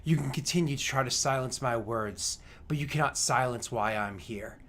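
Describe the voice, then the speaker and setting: A righteous hobgoblin warrior, played by a man narrating a tabletop game, confronts a ruler with stern accusations. The voice is bright and forceful, and the delivery is grave and unyielding. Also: medium pitch, normal speed, a little hiss or hum, lightly acted. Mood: defiant.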